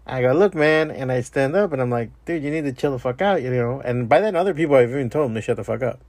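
Male podcast host, gravelly, mid pitch, rambling and profane. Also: fast, no room sound. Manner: profane, rambling, animated storyteller. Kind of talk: casual monologue storytelling.

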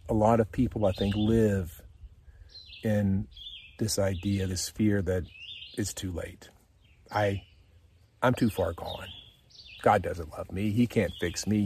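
A man's voice: on the low side, darkish tone, a little hiss or hum. An American man giving a casual devotional talk on his podcast, earnest and encouraging, reading scripture and explaining it in his own words. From United States. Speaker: podcast host, devotional speaker.

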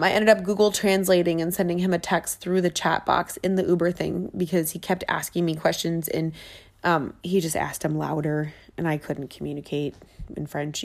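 Casual female vlogger with a gravelly voice, chatty and eager, talking from a rented flat. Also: fairly low pitch, moderate pace. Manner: chatty and excitable, lots of fillers. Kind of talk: casual travel chat. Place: rented apartment in a big city.

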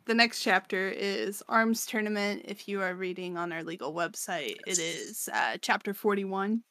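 A female podcast co-host recaps chapters in a chatty, casual way, peppering her talk with fillers and laughter. She has a sharp, mid-range voice at normal speed, with no echo.

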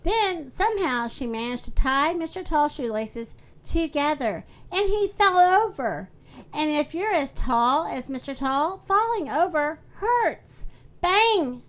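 A woman hosts a children's story podcast and reads the tale aloud. Her voice sits high, and she takes a slow, friendly pace. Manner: friendly, animated read-aloud.

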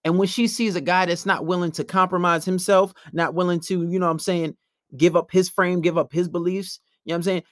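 A man's voice: sits high, little pitch movement, a little fast, no room sound, studio quality. A young man talking bluntly and brashly in a casual monologue, acting out quotes as he tells stories.

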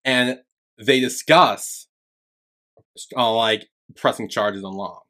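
Calling in remotely from his own home, this podcast co-host tells a meandering story stuffed with filler words and curses. He has a mid-range voice that sounds pushed and bright, and he takes his time.

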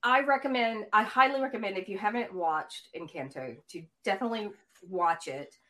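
A woman's voice: mid-range voice, a little fast, sharp tone. A woman co-hosting a podcast, chatting casually and gushing enthusiastically about what she loves. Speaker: podcast co-host. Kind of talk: casual chat.

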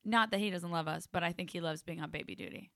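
A woman with a fairly low voice co-hosts a comedy podcast, chatting casually and teasing her co-host with deadpan jokes. The sound is dry and close. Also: fast talker, vocal fry, dry recording.

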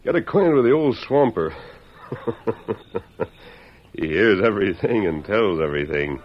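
An actor playing a steady masked hero giving firm orders in an old radio drama. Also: male voice, fairly low pitch, a little slow. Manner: firm, commanding. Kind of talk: 1940s radio acting. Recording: muffled old radio recording with faint hiss.

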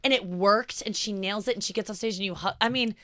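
A woman's voice: medium pitch, fast, bright, forceful tone, no echo. A woman interviewing guests with encouraging reactions. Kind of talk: casual interview.

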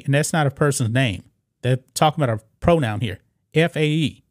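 A man's voice: mid-range voice, dry recording, clean studio sound. A man hosting a casual commentary video, reading an article aloud and reacting with disbelief, rambling with fillers and restarts.

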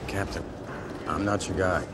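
A reluctant ex-investigator. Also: male voice, steady tone, unhurried, creaky. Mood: refusing. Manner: quiet, curt refusals. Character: reluctant male ex-investigator, family man. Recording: film clip with background rumble.

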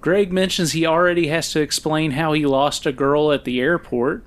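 A man's voice: fairly high pitch, fairly even intonation, normal speed, fairly bright tone. A man co-hosting a casual film-review podcast, recapping the plot with fillers and frequent laughs. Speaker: podcast co-host.

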